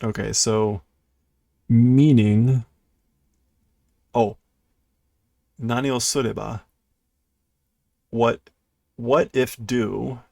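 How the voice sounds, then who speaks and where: A man on a live stream works through a manga page by page, talking slowly and puzzling out each line aloud. His voice has a gravelly, fry-laden edge and sits dry and close, with no room around it. He stumbles, backs up and corrects himself, chuckling at his own slips. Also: medium pitch, steady tone, dark tone, no room sound. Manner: laughs lightly at himself. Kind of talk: live-stream read-through, translating as he goes. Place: indoors at his computer.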